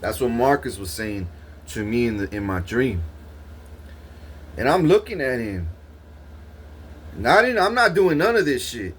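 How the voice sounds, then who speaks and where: A man's voice: mid-range voice, very animated, unhurried, pauses often, a bit bright, slight background noise. A young man, talking casually and rambling through a story with profane street slang and many restarts. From Corpus Christi, Texas. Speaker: vlogger. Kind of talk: casual monologue recounting a dream.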